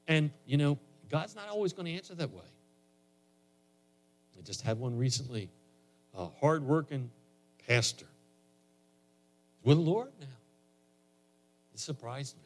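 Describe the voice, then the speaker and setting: A man preaching a sermon in a conversational way, his voice rising higher and louder on emphatic lines. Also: very animated, unhurried, long pauses. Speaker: pastor.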